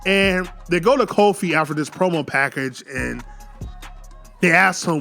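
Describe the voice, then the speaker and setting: A man excitedly retelling an imagined wrestling match play by play, calling out the moves and the pin counts. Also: a little high, measured pace, gravelly, faint music behind. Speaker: YouTube wrestling commentator.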